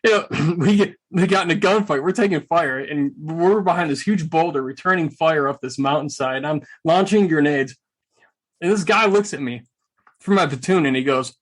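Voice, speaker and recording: A middle-aged man, a veteran guest in an interview, telling stories in a casual, animated, joking way with a sarcastic streak. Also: on the high side, moderate pace. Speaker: guest, combat veteran and speaker.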